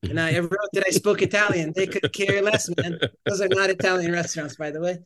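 A man in his thirties talks casually as a podcast guest, his voice pitched a little higher than most men's. He rambles through his stories, stops partway and restarts his sentences as he goes. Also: fairly even intonation, brisk, fairly bright tone. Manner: rambling, self-correcting storyteller with frequent restarts. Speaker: missionary guest. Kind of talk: casual storytelling interview.

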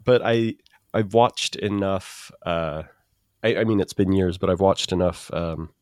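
Man, podcast co-host, halting casual talk, lowish voice, dry close sound. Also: a little mellow, dry recording. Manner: halting, with many restarts and fillers. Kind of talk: casual chat.

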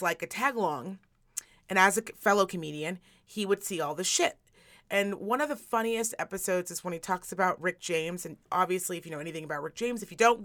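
A woman hosting a podcast, telling stories in a casual, animated way, repeating words for emphasis and swearing freely. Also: on the low side. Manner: animated storytelling, emphatic repetition, profane. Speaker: podcast host. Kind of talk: casual chat.

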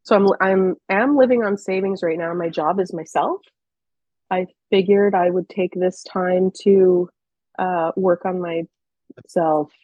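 A woman's voice: lowish voice, slow pace, darkish tone, no echo, muffled recording. A woman in her thirties, speaking as a podcast guest and telling personal stories in a candid, chatty way with hesitant restarts. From Canada. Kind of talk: casual personal storytelling.

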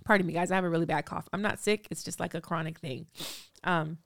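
A woman's voice: lowish voice, fairly even intonation, fast talker, gravelly, a bit bright, no echo, studio quality. A woman in her thirties from Los Angeles hosting a podcast solo, telling stories in a chatty, filler-filled way. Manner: chatty, storytelling, many fillers. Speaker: podcast host.

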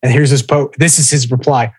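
A man's voice: mid-range voice, fairly even intonation, a little fast, husky, no echo, rough recording. A man co-hosting a casual podcast, telling a story with lots of swearing and reading listener posts aloud. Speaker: podcast co-host.

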